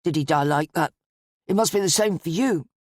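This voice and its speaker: A woman's voice: low voice, moderate pace, a little mellow, no echo, clean studio sound. A woman doing an earnest, curious young man.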